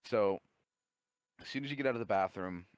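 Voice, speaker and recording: A man's voice: fairly low pitch, fairly quick, clean tone, dry recording. A man co-hosting a podcast, telling a story in laid-back chat and acting out both sides of the dialogue. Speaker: podcast co-host. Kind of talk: casual chat.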